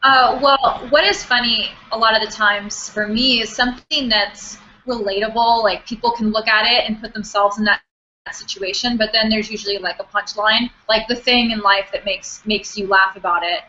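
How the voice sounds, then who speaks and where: A woman's voice: fairly high pitch, steady tone, moderate pace, bright, forceful tone, muffled recording, slight background noise. A woman guest in a casual chat, giggly and chatty, saying "like" a lot.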